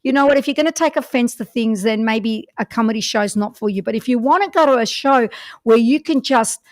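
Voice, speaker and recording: A woman hosting a radio show, chatty and quick to agree with her guest. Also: a little high, no echo. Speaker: radio host. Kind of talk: casual radio interview.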